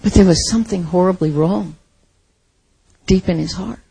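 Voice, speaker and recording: A woman's voice: lowish voice, moderate pace, vocal fry, mellow, slightly rough, low-quality recording. A woman pastor preaching a sermon in an earnest, heartfelt storytelling manner.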